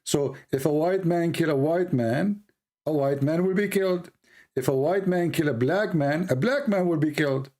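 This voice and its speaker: A man's voice: on the high side, normal speed, a little mellow. A man who is losing his voice, hosting a call-in debate, pressing the caller and repeating his questions. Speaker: debate host.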